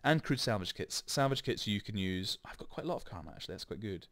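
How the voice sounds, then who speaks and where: Low-voiced man talking through a game. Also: animated, fast, a bit bright, dry recording. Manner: chatty, rambling explanations with frequent asides. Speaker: gaming channel host. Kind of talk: let's play commentary. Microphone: desk microphone.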